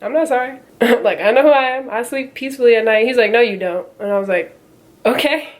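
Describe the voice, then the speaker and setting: A woman's voice: on the high side, fast. Chatty young woman vlogger. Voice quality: nasal. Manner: chatty, lots of "like" and quoted back-and-forth. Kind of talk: casual storytime vlog.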